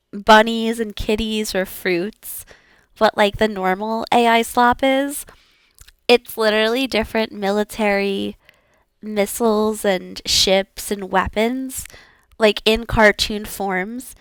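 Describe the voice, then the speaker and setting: Woman VTuber, casual rambling learner, giggly, unhurried delivery. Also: on the high side, a bit bright, smooth, no room sound. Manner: rambling and giggly, many fillers. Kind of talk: casual language-practice stream.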